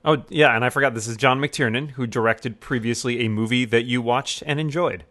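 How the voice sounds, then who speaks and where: A man's voice: mid-range voice, a little fast, a bit bright, no echo. A man hosting a casual movie commentary podcast, wry and joking, on a close mic. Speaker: podcast host.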